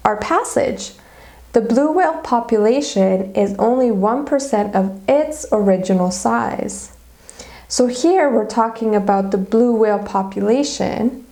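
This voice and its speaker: A woman's voice: medium pitch, creaky, mellow. A woman teacher giving a grammar lesson video, explaining methodically step by step with examples.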